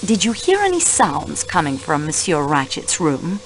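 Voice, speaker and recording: A woman voicing a polite, formal male detective with a French accent in a radio play, asking calm, measured questions. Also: low-pitched, a little hiss or hum, heavily acted.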